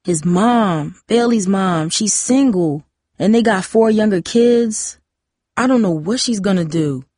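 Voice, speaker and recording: A woman voicing a shaken teenage boy who blames himself, speaking in a halting, guilt-ridden way. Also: mid-range voice, darkish tone, no room sound, clean studio sound, lightly acted.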